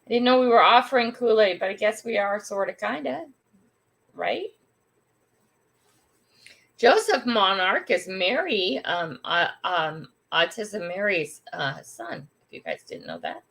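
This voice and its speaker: A woman's voice: medium pitch, sing-song, a little slow, creaky, a bit bright. Older lady doing her morning live chat at home, voice bounces up and down a lot, greets everybody by name. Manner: chatty, greets viewers by name, laughs often. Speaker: livestream host. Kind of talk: casual morning livestream chat.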